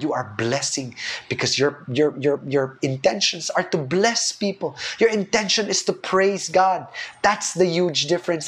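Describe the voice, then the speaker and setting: A man giving an earnest, animated sermon, repeating his key phrases for emphasis. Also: on the high side. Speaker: preacher.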